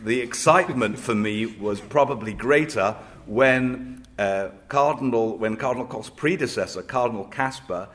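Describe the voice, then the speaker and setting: A man from Israel, a rabbi, speaking on a panel in a measured, reflective way, with hesitations as he tells anecdotes. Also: mid-range voice, fairly bright tone.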